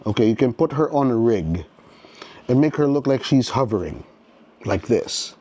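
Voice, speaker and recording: A man giving a casual unboxing commentary, thinking aloud as he works, restarting often and checking in with "okay?", clearly enthusiastic about the toy. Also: medium pitch, lively intonation, normal speed, dark tone, muffled recording. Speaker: toy reviewer.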